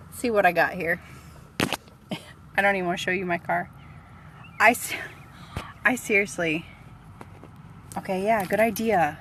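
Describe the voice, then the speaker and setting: Woman vlogger, casual live-stream from her car, drawn-out squealy delivery, faint road noise. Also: mid-range voice, fairly bright tone. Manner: squealing, freaked out, exclaiming. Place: parked car outdoors.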